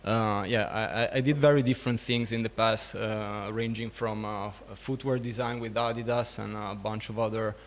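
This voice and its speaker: Thoughtful man answering with halting speech. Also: on the low side, steady tone. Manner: thoughtful, halting, frequent restarts. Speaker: game studio co-founder. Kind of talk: casual interview.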